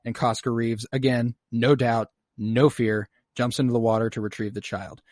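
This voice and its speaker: A man hosting a podcast over a video call, recapping an episode in excited casual chat, with plenty of fillers and swearing. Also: mid-range voice, moderate pace, no room sound, studio quality. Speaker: podcast host.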